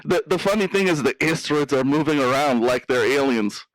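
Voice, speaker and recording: A man's voice: mid-range voice, lively intonation, fairly quick, dry recording, lightly acted, rough recording. A man playing a drunk, boastful hacker who calls a radio show, in a put-on Russian-sounding accent, slurring and calling everyone bro in an improvised comedy. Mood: drunk bragging. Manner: slurring, brash, says bro and dude.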